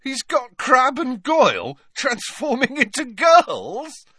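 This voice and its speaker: A man's voice: medium pitch, wildly swooping pitch, moderate pace, sharp tone, no room sound, clean studio sound, full character voice. A man reading aloud, voicing a blunt, easygoing teenage boy wizard who talks plainly. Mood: joking.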